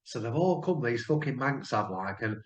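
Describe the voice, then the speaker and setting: A man's voice: medium pitch, animated, moderate pace. Sweary man telling stories. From Lincoln, England. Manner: sweary, blunt. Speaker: panel member. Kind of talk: storytelling in casual chat. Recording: roomy, dull lo-fi sound.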